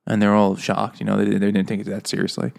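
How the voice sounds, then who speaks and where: A man's voice: on the low side, completely flat delivery, fast, gravelly. A man co-hosting a casual book-and-beer podcast, telling long rambling jokes with plenty of swearing and laughing at his own punchlines. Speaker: podcast co-host. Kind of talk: casual chat over beer.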